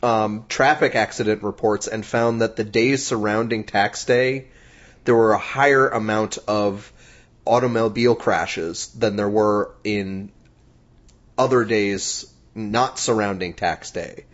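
A man's voice: fairly low pitch, fairly even intonation, a little slow. A man co-hosting a podcast, explaining a news item in chatty, rambling casual talk. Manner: chatty, explains at length with fillers. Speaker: podcast co-host. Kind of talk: casual chat. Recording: dull lo-fi podcast audio.

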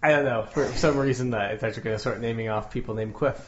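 A man's voice: medium pitch, fast. A man co-hosting a podcast in casual chat, talking loosely with lots of fillers and restarts. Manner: loose, hesitant, filler-heavy. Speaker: podcast co-host. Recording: dull lo-fi audio with faint hiss.

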